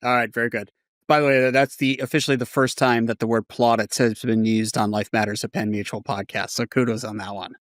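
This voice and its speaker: A man's voice: mid-range voice, fairly even intonation, a little fast, no echo, studio quality. A man hosting a podcast interview, asking questions in a friendly, easygoing way. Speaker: podcast host. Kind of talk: casual interview.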